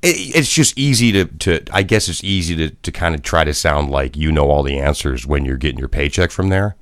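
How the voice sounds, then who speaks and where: A man's voice: a bass voice, animated, brisk, no echo, studio quality. A middle-aged man and former broadcaster, co-hosting a podcast in casual chat with blunt, profane rants. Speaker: podcast co-host.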